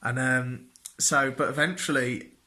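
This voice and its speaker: Young guy, slow and bright, self-mocking storyteller, vlog. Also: medium pitch, steady tone. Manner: self-deprecating, jokey, acts out quotes in raised voices. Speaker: vlogger. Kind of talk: personal storytelling to camera.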